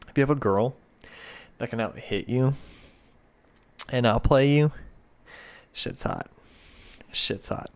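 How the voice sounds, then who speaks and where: A man's voice: medium pitch, darkish tone. A young man hosting a podcast, telling a rambling, profane story in a casual, slangy way. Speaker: podcast host.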